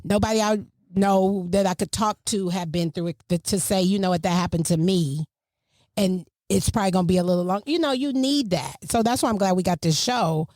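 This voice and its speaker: A middle-aged woman hosting a casual family podcast, telling a story with lively, swinging emphasis. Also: fairly quick, few pauses, dry recording, clean studio sound. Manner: animated, storytelling, swings pitch widely for emphasis. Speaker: podcast host.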